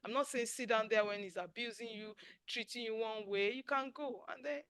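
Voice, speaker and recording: A woman's voice: a little high, normal speed, a bit bright, clear, resonant tone, no room sound, rough recording. A woman in her sixties hosting a webinar, giving an emphatic motivational talk over a video call. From Nigeria. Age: 60s. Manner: preachy, emphatic, drops to near whisper at times. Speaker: webinar host and life coach.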